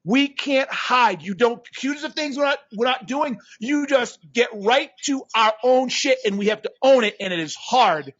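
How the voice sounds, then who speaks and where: High-voiced man ranting bluntly. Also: moderate pace, few pauses, dull audio. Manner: blunt, profane, ranting, bursts into shouting. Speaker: podcast co-host. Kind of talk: fired-up podcast rant.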